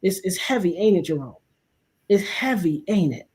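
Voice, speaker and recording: A woman's voice: on the low side, animated, normal speed, darkish tone. A woman in casual talk-show chat, telling stories animatedly and acting out the quoted dialogue.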